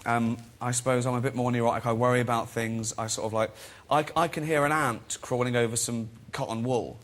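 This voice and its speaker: A man's voice: mid-range voice, steady tone, a little fast, a bit bright. A man, a chat show guest telling self-deprecating anecdotes in a casual, chatty way and laughing often.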